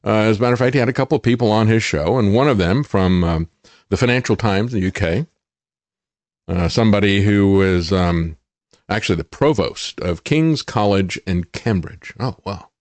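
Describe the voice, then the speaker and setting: A man's voice: fairly low pitch, normal speed, a little mellow, no room sound. A middle-aged man hosting a political talk show, speaking indignantly and sarcastically with many fillers and restarts. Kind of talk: opinionated commentary monologue.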